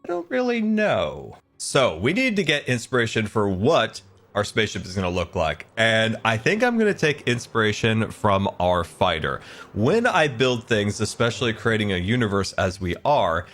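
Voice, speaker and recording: A man giving commentary on his own Minecraft gameplay, swinging between frantic high-pitched panic and relaxed explanation. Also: moderate pace. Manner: panicky, squealing, laughing while playing. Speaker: Minecraft YouTuber.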